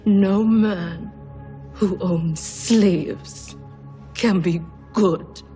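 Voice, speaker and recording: An earnest young woman from a period drama talks slowly and deliberately, each word weighed. Faint film music sits under her voice. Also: medium pitch, mellow. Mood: defiant.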